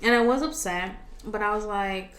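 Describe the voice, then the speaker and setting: A woman's voice: mid-range voice, normal speed, fairly bright tone. A young adult woman telling a personal story in a casual vlog, chatty and full of fillers. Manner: chatty, filler-heavy, acts out quoted dialogue. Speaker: vlogger. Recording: roomy with faint background noise.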